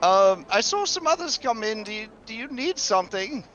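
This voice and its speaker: A man doing a jittery high-voiced bank teller. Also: big pitch swings, normal speed, fairly bright tone, highs cut off. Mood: flustered. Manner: hesitant, stammering, fussy. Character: nervous, flustered male bank teller.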